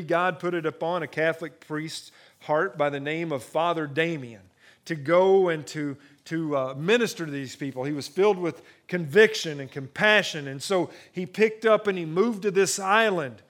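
A man preaching a sermon, swinging from hushed, intimate moments to rising excitement, often repeating and restarting phrases. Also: a little high, normal speed. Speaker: pastor.

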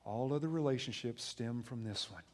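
A man in his thirties preaching a sermon, moving from quiet, low passages to loud, emphatic ones and acting out family dialogue. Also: moderate pace. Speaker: pastor.

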